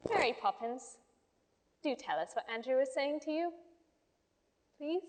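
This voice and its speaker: A woman's voice: high-pitched, lively intonation, unhurried, darkish tone. A woman voicing an earnest young girl who coaxes and scolds. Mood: coaxing. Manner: coaxing and reproachful. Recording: long hall reverb.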